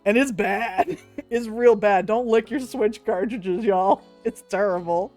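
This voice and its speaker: A woman's voice: medium pitch, a little slow, darkish tone, faint music behind. A woman, chatting casually with her stream viewers, laughing often, swearing freely and cooing over cute things.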